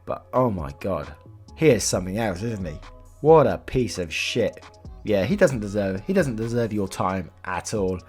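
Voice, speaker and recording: A man's voice: fairly low pitch, animated, moderate pace, darkish tone, soft background music. A man reading Reddit stories aloud, casual and chatty, swearing freely and reacting to the story. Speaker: narrator.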